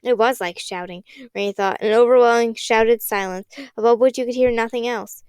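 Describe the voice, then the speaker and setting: A woman narrating a children's audiobook in an expressive, dramatic reading. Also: a little high, brisk, clean tone, no room sound.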